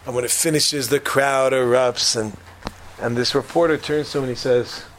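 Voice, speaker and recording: A man telling a story casually to a group, animated, with frequent restarts and quick asides. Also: mid-range voice, slight background noise.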